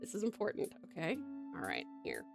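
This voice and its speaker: A young woman, chatting casually to her viewers on a live stream, giggling, excitable and swearing freely. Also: low-pitched, fairly quick, creaky, over music. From Australia.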